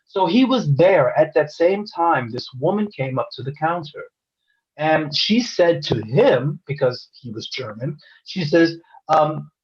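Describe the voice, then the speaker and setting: A man's voice: on the high side, lively intonation, unhurried, husky. An American man earnestly telling a personal story, retelling scenes through quoted dialogue. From United States. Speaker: interviewee. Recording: dull lo-fi recording.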